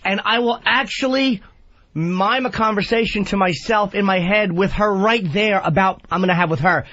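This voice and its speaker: A man's voice: sits high, normal speed, bright, forceful tone, no echo. A man talking as a guest on a podcast, rambling and profane, full of "like" and restarts as he opens up about himself. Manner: rambling, filler-heavy, profane confessional talk. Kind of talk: casual podcast chat. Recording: dull lo-fi podcast audio.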